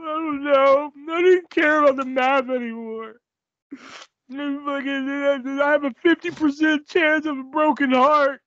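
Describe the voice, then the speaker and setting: A man's voice: very high-pitched, a bit bright, pitched above the performer's own voice, full character voice. A man putting on the voice of a heartbroken, self-pitying male wrestler. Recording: dull, dry lo-fi audio.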